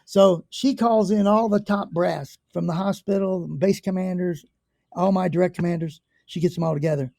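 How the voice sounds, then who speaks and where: An American man in his sixties, a guest telling stories in a lively way, swearing casually and acting out the people in them. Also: sits high, moderate pace, vocal fry, no echo, studio quality. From United States. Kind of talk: conversational storytelling.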